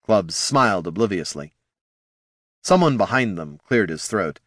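Male narrator, even fantasy audiobook reading, dry recording. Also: low voice, a little slow, no echo.

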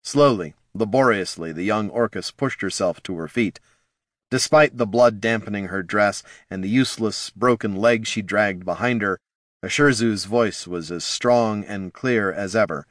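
A man narrating a fantasy audiobook in a measured, dramatic manner. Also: on the low side, no echo, clean studio sound.

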